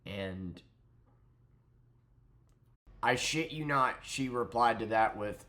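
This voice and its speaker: A man's voice: medium pitch, slow pace, pauses often, sharp tone. A young man ranting sarcastically about a neighbor, swearing freely. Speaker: vlogger. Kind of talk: ranting storytime.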